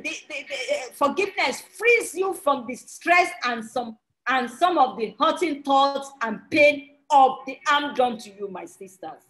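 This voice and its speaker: A woman with a high voice preaches a sermon to her sisters, reading scripture and pleading with them earnestly. She swings into emphatic, near-shouted points. The room around her is echoey. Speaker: women's prayer ministry leader.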